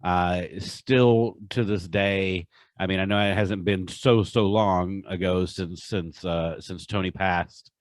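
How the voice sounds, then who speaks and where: A man's voice: low voice, steady tone, slow pace, dry recording. A man co-hosting a podcast, talking earnestly with frequent hesitations. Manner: earnest, hesitant with many uhs. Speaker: podcast co-host. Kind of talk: casual podcast chat.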